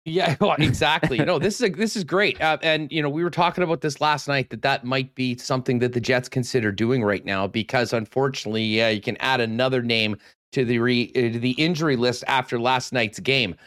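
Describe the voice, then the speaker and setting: A man hosting a sports talk show, energetic and loose, saying he is losing his voice. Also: medium pitch, fairly quick. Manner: energetic, loose, with many fillers. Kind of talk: casual radio sports talk.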